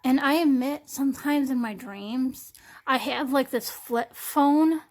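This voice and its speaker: A young woman talking into her smartphone in a casual personal vlog, rambling and halting, with many fillers and restarts. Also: sits high. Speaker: vlogger.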